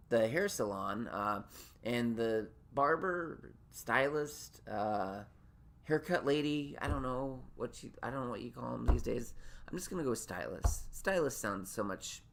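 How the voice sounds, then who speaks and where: A man's voice: on the low side, fairly bright tone. A man rambling through a solo rant on his own podcast, neurotic and self-deprecating. He swears freely and often stumbles through his thoughts. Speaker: podcast host.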